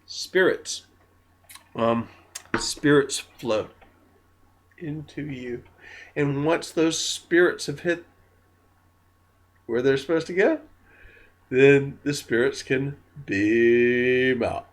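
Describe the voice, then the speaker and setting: A man who is drunk, talking in a slow, meandering, giggly way with many ums in a spiritual monologue to camera. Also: medium pitch. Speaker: spiritual vlogger.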